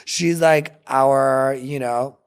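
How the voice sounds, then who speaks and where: A man's voice: mid-range voice, drawn-out words, smooth. A young man from Canada telling stories as an interview guest, giggling often and acting out what people said. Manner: giggly, animated storyteller who acts out quotes. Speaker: guest, drag performer. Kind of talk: casual interview chat.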